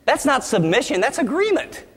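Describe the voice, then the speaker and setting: A man's voice: very high-pitched, big pitch swings, normal speed, breathy edge, long reverb tail. A man preaching a sermon as pastor, emphatic and with humorous asides.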